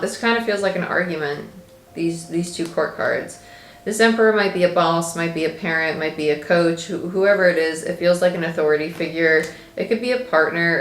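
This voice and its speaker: A woman's voice: on the low side, roomy sound. A woman tarot reader talking casually and animatedly as she reads her cards, thinking aloud as she goes.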